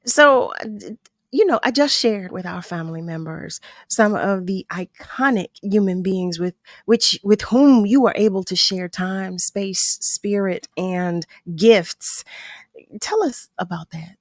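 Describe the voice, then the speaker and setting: A woman hosting a radio talk show, chatting and telling stories with animated, playful quotes. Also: medium pitch, unhurried, no room sound, clean studio sound. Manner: animated, warm storytelling with laughs and acted-out quotes. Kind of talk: casual radio interview.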